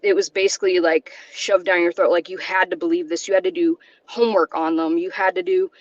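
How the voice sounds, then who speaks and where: A woman from South Carolina speaking from her car over a call, halting and close to tears, with nervous laughs between her words. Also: lowish voice, steady tone, dry recording, dull audio. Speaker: guest. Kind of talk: emotional personal testimony.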